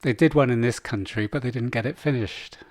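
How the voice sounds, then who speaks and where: A man's voice: mid-range voice, brisk, dry recording, studio quality. A man in his sixties, co-hosting a podcast in casual chat, rambling through a story and acting out the people in it. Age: 60s. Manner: rambling storyteller acting out game-show contestants in put-on voices. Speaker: podcast co-host.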